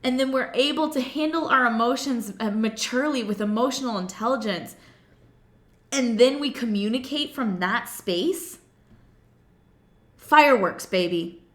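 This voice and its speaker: Woman coach, animated and playful, bright voice, slightly high, roomy echo. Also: moderate pace. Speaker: self-love coach. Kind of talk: motivational talk to camera.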